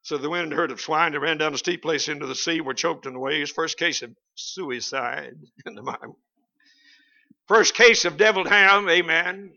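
A man's voice: on the high side, normal speed, bright, forceful tone. A man with a Southern accent preaching a sermon as pastor, folksy and joking, with chuckling asides. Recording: dull lo-fi sound.

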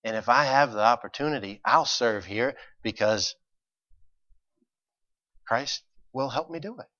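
A man preaching a sermon, moving between quiet, conversational asides and loud, emphatic points with mock voices. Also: mid-range voice, a little slow, no room sound, lo-fi sound.

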